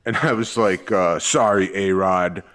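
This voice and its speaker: A male comedian guest telling stories in a laid-back, deadpan way. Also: sits low, a little slow. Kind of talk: casual storytelling.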